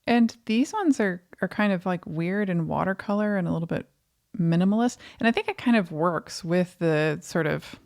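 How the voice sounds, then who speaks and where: A woman's voice: lowish voice, lively intonation, normal speed, vocal fry, darkish tone. A woman co-hosting a film review podcast, talking casually and thoughtfully with frequent fillers. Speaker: podcast co-host.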